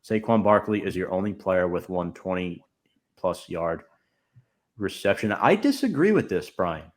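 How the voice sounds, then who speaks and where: A man's voice: sits low, animated, a little slow. A man hosting a casual podcast, reading out viewer comments and giving firm opinions. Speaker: podcast host.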